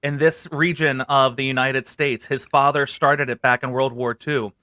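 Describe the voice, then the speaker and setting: A man co-hosting a talk show, talking casually with many restarts and halting phrases. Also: mid-range voice, flat delivery, sharp tone, no room sound, clean studio sound. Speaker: co-host.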